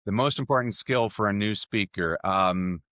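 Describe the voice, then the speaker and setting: Energetic middle-aged man, dry close sound. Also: moderate pace, dry recording. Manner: energetic storyteller with sudden jumps in pitch. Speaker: guest speaking coach. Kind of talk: podcast interview answers.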